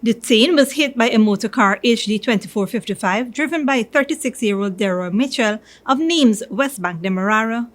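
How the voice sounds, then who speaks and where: Woman reporter reading news voice-over. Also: a little high. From Guyana. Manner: measured, even reporting.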